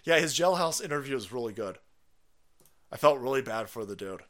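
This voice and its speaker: A man's voice: medium pitch, lively intonation, a little fast, long pauses. A man hosting a casual livestream, reading viewer messages and answering them with profanity, laughter and rambling asides. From South Carolina.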